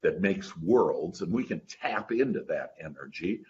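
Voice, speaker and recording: A man's voice: sits low, lively intonation, measured pace, darkish tone. A man speaking as a guest mindset coach in a casual interview, rambling and earnest. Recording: dull lo-fi sound.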